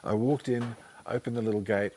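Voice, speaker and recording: A man telling a personal story in a monologue, often halting and repeating himself. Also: lowish voice, fairly even intonation, dark tone, slight background noise. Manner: halting, repeats words and restarts sentences.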